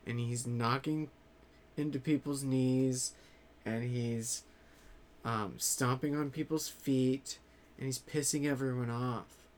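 A man talking loosely to his audience at an unhurried pace. He rambles and drops casual swears, stopping often on ums and restarts. His pitch sits in the middle range. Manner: rambling, swears freely, halting with many fillers. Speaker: vlogger. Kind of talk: casual chat to viewers.

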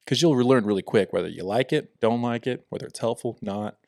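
A man's voice: mid-range voice, a little fast, vocal fry, no room sound, studio quality. A young man co-hosting a podcast, chatting casually with a rambling, filler-heavy manner. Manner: relaxed, rambling with many fillers. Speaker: podcast co-host. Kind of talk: casual chat.

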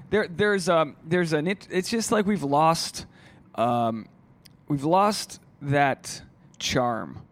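A man who is a stand-up comedian, talking alone on his podcast in a rambling, profane, casual way. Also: medium pitch. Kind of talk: solo podcast monologue.

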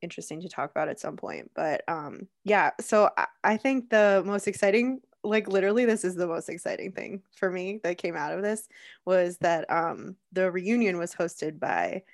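A woman co-hosts a podcast in relaxed chat, laughing often and rambling through fillers. She sounds a little groggy. The voice is dry and close. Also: on the low side, moderate pace, no room sound. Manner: giggly, rambling, with frequent fillers. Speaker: podcast co-host.

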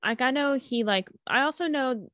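A woman's voice: high voice, moderate pace, fairly bright tone, no echo, studio quality. A young woman guesting on a casual podcast chat, rambling and hedging with frequent laughs.

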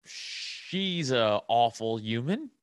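A man's voice: medium pitch, extremely slow, clean tone, dry recording, studio quality. A man who is a comedian, chatting casually on a podcast, laughing often and breaking off sentences. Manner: laughs often, restarts sentences, animated impressions. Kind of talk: casual chat.

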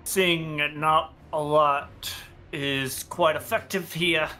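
A man's voice: on the high side, fairly even intonation, slow, sharp tone, a little hiss or hum. A man playing a tabletop game, speaking matter-of-factly. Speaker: player.

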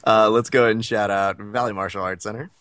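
A man's voice: on the low side, steady tone, fast, fairly bright tone, no echo. A man co-hosting a podcast, chatting casually and rambling with many fillers. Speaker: podcast co-host. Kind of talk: casual chat.

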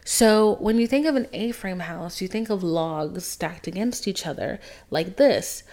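Young woman, podcast host, casual dramatic storyteller, drops swear words, swings from loud to whispered asides. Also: on the low side, measured pace. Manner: swears freely.

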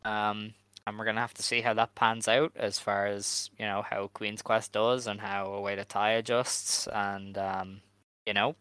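A man hosting a casual podcast chat, talking in a relaxed, hedging way with lots of fillers. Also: fairly low pitch, measured pace, clear, resonant tone, dry recording, low-quality recording. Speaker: podcast host.

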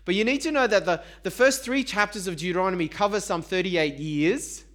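Male preacher with a high voice; casual, talky sermon with questions to the room. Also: fairly quick, a bit bright. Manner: conversational, asks the congregation rhetorical questions; self-deprecating humor.

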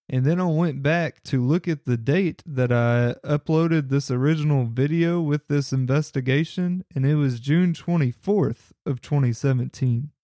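Earnest man with a dark, dry voice. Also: mid-range voice, clean tone, no echo. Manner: earnest, speculative, reflective. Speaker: paranormal investigator. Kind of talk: casual narration over audio clips.

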